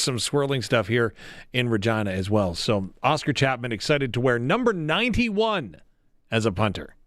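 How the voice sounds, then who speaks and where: A man from Canada hosting a sports radio show, asking questions in a lively, joking way. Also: medium pitch, no echo, clean studio sound. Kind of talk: radio interview and call-in chat.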